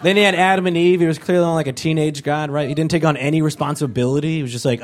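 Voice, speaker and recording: A man's voice: fairly high pitch, fairly quick. A man performing a rambling stand-up comedy set on stage, acting out quotes in conversational bits. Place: comedy stage before a live audience.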